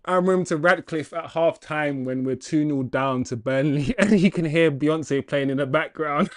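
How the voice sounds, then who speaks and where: Male livestream host, casual and animated, addresses chat directly, dry sound. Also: on the high side, normal speed, few pauses, no echo. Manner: animated and chatty, laughs often, addresses chat as guys. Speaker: football channel livestream host. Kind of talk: casual livestream chat reading viewer comments.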